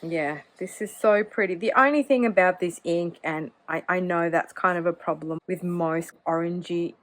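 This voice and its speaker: A woman's voice: fairly low pitch, moderate pace, no room sound, poor audio. A woman vlogging about her hobby in a cozy, casual chat, often hedging with "kind of". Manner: chatty, hedging with many "kind of"s. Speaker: fountain pen vlogger.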